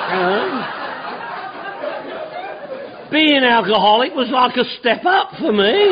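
A man with a strikingly high voice tells a lively recovery story, acting out every line of dialogue and swearing freely. The recording is dull and lo-fi, with a faint crowd murmuring behind him. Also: very slow, pauses often, noisy background. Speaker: speaker sharing his recovery story. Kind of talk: storytelling talk to a recovery meeting.

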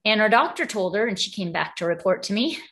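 A woman's voice: medium pitch, lively intonation, fast, fairly bright tone. A woman speaking casually at a recovery group, explaining a passage and telling stories with lots of asides and laughter. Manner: chatty storytelling, laughs often, many asides.

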